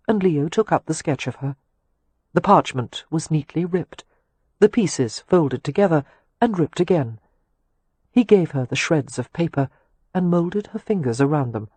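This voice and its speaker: A woman reads an audiobook with measured, steady storytelling. Her voice is soft and a little husky, recorded close and dry with no room around it. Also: low-pitched, dry recording. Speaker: audiobook narrator. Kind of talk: scripted audiobook narration.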